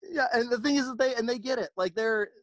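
A man telling stories in a casual chat, rambling and animated, often acting out the voices of people he quotes. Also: very high-pitched, quick pace, dry recording. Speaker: podcast host, merch company owner.

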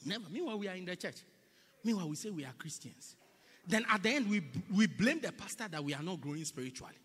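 A man's voice: high voice, very animated, quick pace, a bit bright, husky. A man preaching a sermon in a church, emphatic and repetitive, slipping into mocking impressions. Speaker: pastor. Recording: long reverb in a large hall.

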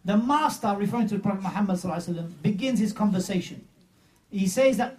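A man's voice: sits high, very fast, darkish tone, distant mic. A man preaching a sermon, emphatic and mocking as he retells a story.

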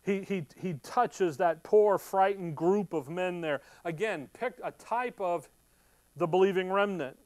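A man preaching a sermon, teaching verse by verse and acting out scenes in quick, animated bursts. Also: high-pitched, no echo.

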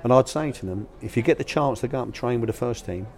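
Talking fast in a medium-pitched, darkish voice, an older guest who once ran a youth academy tells casual stories about coaching young players. He slips into the voices of the people he quotes as he answers the interview.

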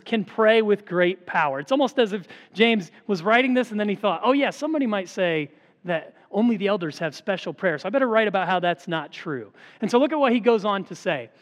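A man's voice: high-pitched, a bit bright, long reverb tail. A man preaching a sermon as pastor, earnest and emphatic, asking rhetorical questions and answering them.

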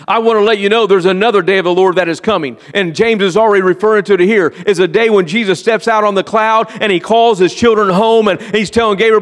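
A man pastor giving an earnest sermon, often slowing down and dropping to a quiet, confiding tone. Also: high-pitched. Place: church sanctuary. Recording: long reverb of a large hall.

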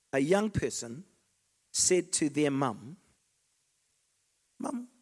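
A man preaching a sermon, swinging between loud declarations and hushed asides. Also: fairly high pitch, vocal fry, breathy edge.

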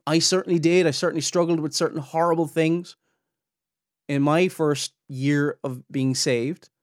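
A man's voice: a little high, fairly even intonation, normal speed, no echo, studio quality. A man hosting a podcast, teaching on theology in an earnest, emphatic way that climbs sharply when he presses a point. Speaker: podcast host and Bible teacher.

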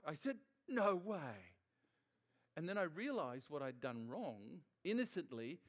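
A man preaching a sermon in a loose, conversational way, telling a personal story with frequent restarts and fillers. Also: on the high side.

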